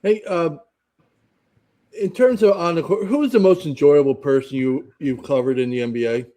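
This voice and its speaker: A man's voice: on the high side, normal speed, warm tone. A man co-hosting a podcast, asking a loose, rambling question in casual chat. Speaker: podcast co-host.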